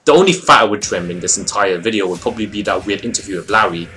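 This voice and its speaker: Lively young man reviewing a short film. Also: fairly low pitch, fast, soft background music. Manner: expressive, rambling with fillers. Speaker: video reviewer. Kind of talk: casual video review.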